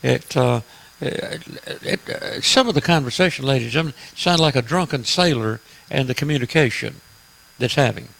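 A man's voice: medium pitch, moderate pace, creaky, fairly bright tone, poor audio. A man hosting a radio talk show, delivering an emphatic, preachy political monologue with frequent "uh" fillers.

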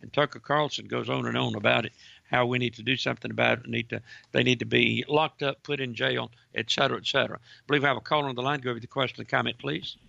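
A man's voice: medium pitch, fairly even intonation, quick pace, sharp tone, slight background noise. A man hosting a call-in radio talk show, reading news aloud and taking callers. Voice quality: gravelly. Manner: reads news aloud, dramatizes quotes. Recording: muffled lo-fi radio broadcast.

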